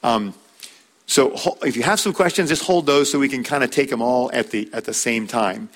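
Man teaching a relaxed church class. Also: medium pitch, moderate pace. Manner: conversational, repeats words, with fillers. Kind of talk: church marriage lesson.

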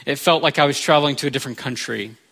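Bright-voiced American man preaching. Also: mid-range voice, rapid-fire, vocal fry. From United States. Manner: earnest, conversational storytelling. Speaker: pastor. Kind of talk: sermon.

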